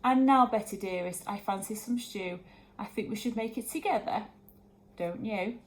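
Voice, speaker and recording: A woman voicing a calm, kindly mother witch in a read-aloud storybook, speaking gently. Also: mid-range voice, normal speed, lightly acted. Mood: affectionate.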